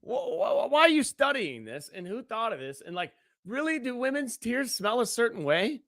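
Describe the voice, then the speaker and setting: Radio co-host guy, bright high voice, dry close studio sound, pokes fun. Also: big pitch swings, normal speed, no echo. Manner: teasing, asks blunt questions. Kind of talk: morning radio banter.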